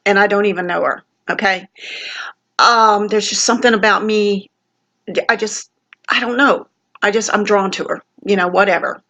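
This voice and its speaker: Speaking at a moderate pace in a mid-range voice that sounds pushed and bright, an older woman records a casual, rambling vlog from a family home. She's sick with a sinus infection and talks from the heart, using lots of fillers.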